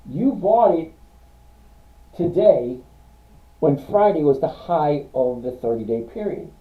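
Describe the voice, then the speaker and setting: A man's voice: fairly high pitch, animated, takes it slowly, long pauses. A man hosting a casual live stream, answering viewer questions about stocks and reading figures off charts in a blunt, rambling way. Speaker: livestream stock trading host. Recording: tinny phone-like sound.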